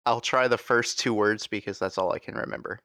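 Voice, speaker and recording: A man's voice: lowish voice, steady tone, brisk, bright, forceful tone, no echo, studio quality. A man playing a tabletop role-playing game, plainly describing his character's actions. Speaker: player.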